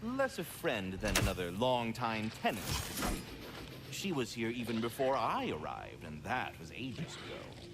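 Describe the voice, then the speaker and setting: A man's voice: lowish voice, huge pitch swings, measured pace, heavily acted. An actor playing an anxious, formal male tenant in a video game. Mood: worried. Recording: noisy game audio.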